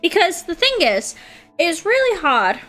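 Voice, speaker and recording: A woman's voice: very high-pitched, wildly swooping pitch, a little slow, a bit bright. A woman with a British accent chatting casually on a live drawing stream, teasing her viewers, swearing freely and giggling often.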